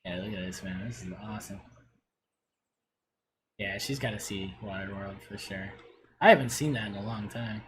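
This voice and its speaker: A man's voice: fairly low pitch, moderate pace, pauses often, a little hiss or hum. A middle-aged man on a casual livestream, gushing and swearing as he reviews player builds.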